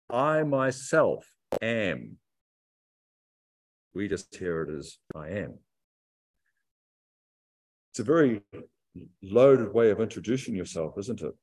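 A man preaching a sermon to a church congregation, reflective and emphatic, stretching key phrases out slowly. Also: fairly low pitch, dark tone. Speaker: pastor.

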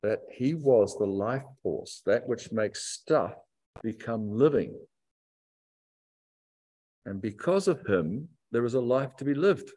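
A man preaching a sermon to a church congregation, reflective and emphatic, stretching key phrases out slowly. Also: mid-range voice, lively intonation, mellow. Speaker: pastor.

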